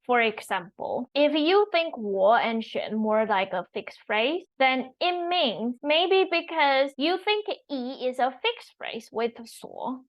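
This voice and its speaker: A woman who teaches online, explaining tones slowly and carefully and repeating each example word. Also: a little high, poor audio. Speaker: Mandarin teacher. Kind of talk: online language lesson.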